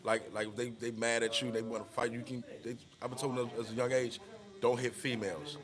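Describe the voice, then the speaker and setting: Mid-pitched man, halting speech. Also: flat delivery, crowd noise. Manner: halting, repeats words. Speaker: guest. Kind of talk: casual chat.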